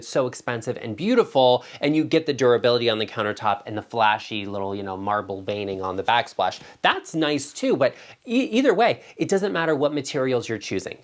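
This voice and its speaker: A man giving casual design advice to camera as an interior designer, chatty and emphatic with a sassy streak. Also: mid-range voice.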